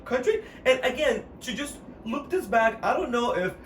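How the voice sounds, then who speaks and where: A man's voice: very high voice, big pitch swings, moderate pace. A man in his twenties with an American accent, co-hosting a podcast in casual chat, campy and dramatic, swearing freely. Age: 20s. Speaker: podcast co-host. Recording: echoey room, far from mic, faint noise.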